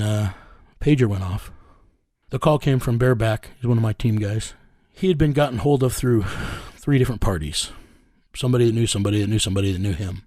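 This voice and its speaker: A mellow man with a fairly low pitch, recorded in studio quality with no room sound. An American vigilante team leader being interviewed, he tells a story in a rambling, casual, profane way, constantly reenacting dialogue with "I said" and "he goes."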